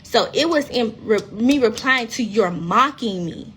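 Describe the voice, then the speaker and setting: A woman's voice: on the high side, unhurried, slight background noise. A woman in her thirties talking casually and bluntly on a phone live stream, swearing freely and acting out quoted speech. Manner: acts out quoted speech in lively voices. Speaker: reality TV cast member.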